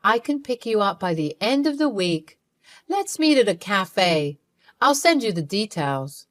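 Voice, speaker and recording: A woman voicing a smooth-talking male celebrity who flirts slowly and seductively in a storytime narration. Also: medium pitch, big pitch swings. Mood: flirty.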